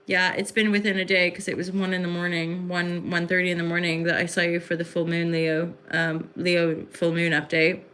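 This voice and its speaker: A woman's voice: lowish voice, level tone, normal speed, few pauses, fairly bright tone, clear, resonant tone. A woman hosting a casual livestream into her phone at home in the evening, rambling and effusive, with lots of fillers. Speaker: livestream host and spiritual reader.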